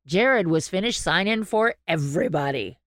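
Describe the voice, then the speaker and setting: A woman chats away on her podcast, spinning a long tale and slipping into the voices of the people in it. Her voice sits very low, and the recording is close and dry with no room sound. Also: normal speed, no room sound. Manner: chatty storyteller, animated quoting. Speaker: podcast co-host. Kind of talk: casual chat.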